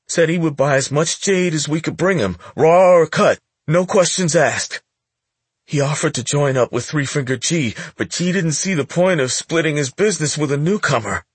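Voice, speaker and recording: A man's voice: on the high side, animated, normal speed, slightly rough, no room sound, pitched above the performer's own voice. A man voicing a scared, bloodied teenage boy who stammers and talks nervously in an audiobook.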